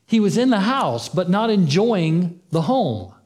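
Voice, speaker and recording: A pastor delivering a sermon in a conversational way, acting out the story's dialogue and repeating phrases for emphasis. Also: male voice, high voice, big pitch swings, unhurried, darkish tone.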